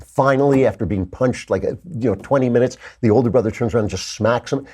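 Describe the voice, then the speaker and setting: Male talk host, slightly husky tone, sarcastic commentary, studio mic. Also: mid-range voice, animated, fairly quick, hardly any pauses, dark tone. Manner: sarcastic, mocks opponents in exaggerated voices. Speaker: political talk show host. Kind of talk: opinionated commentary monologue.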